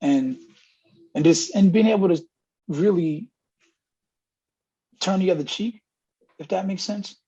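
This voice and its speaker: A man's voice: high voice, unhurried, pauses often, warm tone, breathy edge. A middle-aged man, a football coach, giving a candid interview and telling stories with lots of acted-out dialogue. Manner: earnest storyteller acting out dialogue. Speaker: college running backs coach, interview guest. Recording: dull lo-fi audio.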